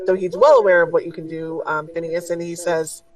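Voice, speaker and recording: A woman narrating as game master of a tabletop game in a relaxed way, with many fillers. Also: fairly low pitch, a little fast, far from the mic, low-quality recording.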